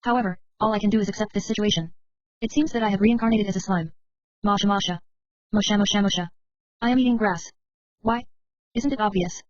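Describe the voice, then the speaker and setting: A woman narrating a novel in the first person at a quick clip, her voice pitched right in the middle. The recording is dry and a little muffled, with no room sound around her. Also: darkish tone, dry recording. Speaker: audiobook reader.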